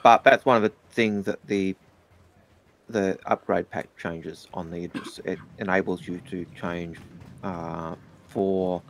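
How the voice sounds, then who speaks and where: A man chatting about a video game in a measured, hesitant way. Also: sits low, steady tone, a little hiss or hum. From Australia. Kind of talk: casual gaming chat.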